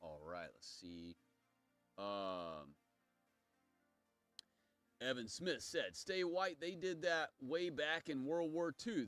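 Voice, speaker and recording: A man with a mid-range, slightly bright voice hosts his own livestream. He delivers a rambling solo monologue, wandering off on tangents and reading viewer comments aloud.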